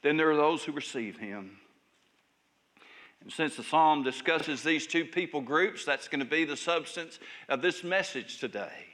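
A male pastor preaching a sermon in a church service, emphatic and raised at times, then dropping to soft, hushed lines. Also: fairly high pitch, measured pace.

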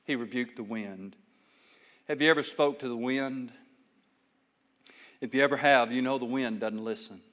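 A man preaching a sermon, telling folksy stories and swinging between loud bursts and hushed lines. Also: mid-range voice, normal speed, long pauses, long reverb tail. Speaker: pastor.

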